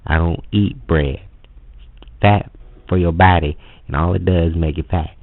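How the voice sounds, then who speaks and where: A sulky, homesick nephew grumbles and complains under his breath, as a man voices him. The voice is low and gravelly. It sounds thin and phone-like. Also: fairly even intonation, moderate pace, no echo. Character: whiny, homesick young nephew. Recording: phone-like lo-fi audio.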